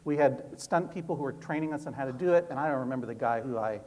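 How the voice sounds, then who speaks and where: A man's voice: mid-range voice, quick pace, a little mellow, a little hiss or hum. A man who is a guest author on stage, talking in a rambling, self-mocking way with lots of restarts. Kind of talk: live stage conversation. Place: stage before a live audience.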